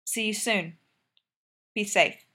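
A woman reading aloud, voicing an affectionate young female hockey captain who speaks plainly and warmly. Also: medium pitch, takes it slowly, breathy edge, full character voice.

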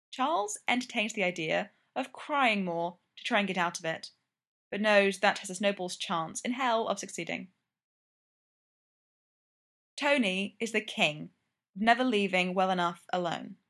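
A woman reads a long story aloud, her voice sitting at a middle pitch. She narrates steadily and evenly, keeping an unhurried storytelling pace. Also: lively intonation, a bit bright. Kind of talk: reading fan fiction aloud.

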